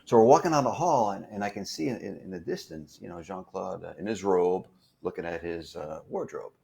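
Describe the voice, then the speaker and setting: Low-voiced man telling rambling anecdotes. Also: fairly quick, vocal fry, darkish tone. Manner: rambling anecdotes with many fillers and restarts. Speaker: guest, stunt performer. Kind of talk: casual storytelling interview.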